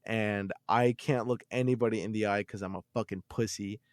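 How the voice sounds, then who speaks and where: A podcast host tells a childhood story in a casual, animated way, swearing and repeating words often. His voice is fairly low and fairly quick, recorded at studio quality with no room sound.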